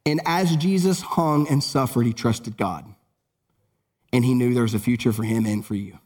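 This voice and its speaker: A man preaching a sermon, swinging between urgent raised lines and low solemn ones as he reads and explains scripture. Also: moderate pace, a little mellow. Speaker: pastor. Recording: long hall reverb.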